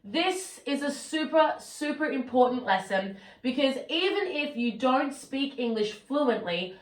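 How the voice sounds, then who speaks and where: A woman teaching an English lesson, speaking slowly and deliberately and acting out lively example reactions. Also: on the high side, echoey room, rough recording. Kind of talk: scripted online lesson.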